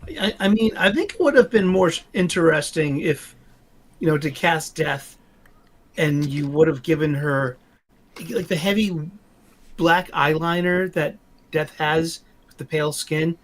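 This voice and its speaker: A man's voice: fairly high pitch, unhurried. A man hosting a podcast in casual chat, rambling and often stumbling over his words. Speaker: podcast host.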